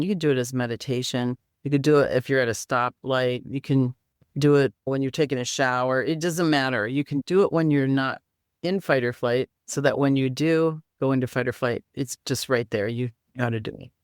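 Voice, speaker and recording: A woman's voice: extremely low pitch, brisk, clear, resonant tone, no echo, studio quality. A woman guest in an interview, explaining healing practices and teaching simple exercises step by step. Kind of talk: interview conversation.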